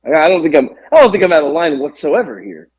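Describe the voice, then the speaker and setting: Speaking fast in a husky, fairly high voice, a man co-hosting a podcast rants through a long, exasperated story loaded with profanity. The animated, casual telling comes through lo-fi sound.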